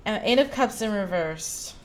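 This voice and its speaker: A woman's voice: medium pitch, animated, normal speed, a little hiss or hum. A young adult woman giving a tarot reading to her viewers, talking in a rambling, emotional, confiding way. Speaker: tarot reader. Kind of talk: casual tarot reading monologue.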